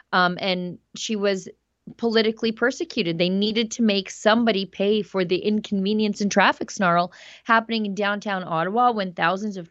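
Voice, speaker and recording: A woman hosting a news commentary show, talking in an emphatic, animated way. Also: mid-range voice, no room sound, dull audio. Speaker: host.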